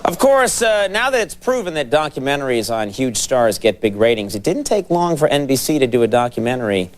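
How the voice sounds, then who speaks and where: Fields: lively male late-night host. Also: medium pitch, brisk. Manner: playful, mock-earnest, laughing asides. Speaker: talk show host. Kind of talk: late-night comedy monologue and sketch. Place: TV studio with live audience. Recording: studio with audience noise.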